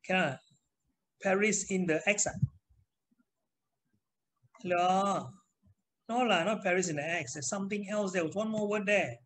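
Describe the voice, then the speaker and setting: Middle-aged male trainer, high-pitched and chatty, leading an online lesson. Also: a little slow, pauses often, fairly bright tone, rough recording. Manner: chatty, asks the class questions. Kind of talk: online class talk.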